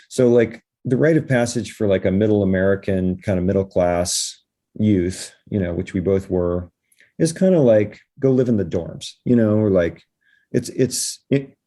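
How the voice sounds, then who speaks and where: A man's voice: lowish voice, dark tone. A man, a podcast guest, telling stories in a laid-back, rambling way full of fillers. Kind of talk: animated anecdotal storytelling.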